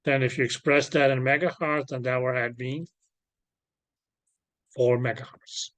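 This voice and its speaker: A man's voice: mid-range voice, steady tone, unhurried, a bit bright, dry recording. A man teaching an online class, patiently checking that students follow and often correcting himself. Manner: patient, checks understanding, frequent self-corrections. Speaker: lecturer. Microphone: video call.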